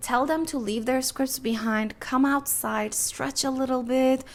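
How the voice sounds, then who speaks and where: A young adult woman hosting a podcast, giving casual filmmaking advice in a chatty, animated way and acting out little exchanges. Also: high voice, a little slow.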